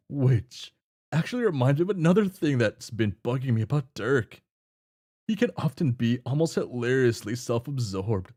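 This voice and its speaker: A man's voice: mid-range voice, mellow, pitched below the performer's own voice, lightly acted. A man voicing a cheerful, clueless young man who talks in folksy old-fashioned slang while reading a webcomic aloud. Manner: folksy, upbeat, oblivious.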